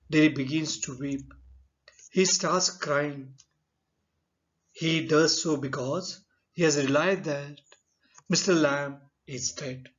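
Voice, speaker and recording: A man with an Indian English accent and a voice on the high side teaches a literature lesson, speaking slowly and deliberately and posing rhetorical questions. The recording is dull and lo-fi.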